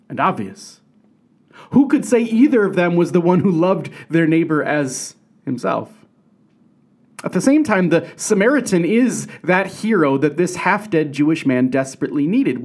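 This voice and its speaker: A man's voice: a little high, a little mellow. A man, a pastor, preaching a sermon in a conversational way, with rhetorical questions and frequent restarts. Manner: restarts and repeated words.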